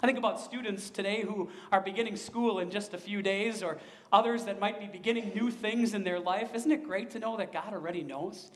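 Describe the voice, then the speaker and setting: A man with a high voice preaches a sermon. He speaks earnestly and keeps turning to his listeners with questions. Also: fairly quick, fairly bright tone, long reverb tail. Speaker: pastor.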